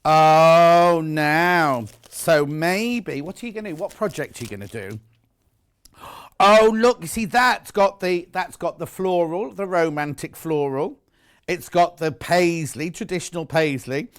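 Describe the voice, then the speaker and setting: A man's voice: on the high side, lively intonation, unhurried, clear, resonant tone. A British man presenting live on a shopping channel, chatty and gushing as he shows off fabrics. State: out of breath. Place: TV studio.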